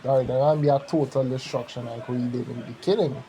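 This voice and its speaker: A man taking part in a bible study, reading verses and hunting for references with halting fillers. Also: medium pitch, steady tone, dark tone, poor audio. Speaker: study participant. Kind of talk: scripture study discussion.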